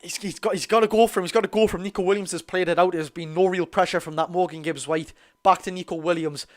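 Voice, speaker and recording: Excitable Geordie teen calling football. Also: male voice, sits high, fast talker. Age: teens. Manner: excitable, chatty, calls the play and talks to chat. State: voice going hoarse. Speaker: fan watch-along host. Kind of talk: live football commentary and fan reaction.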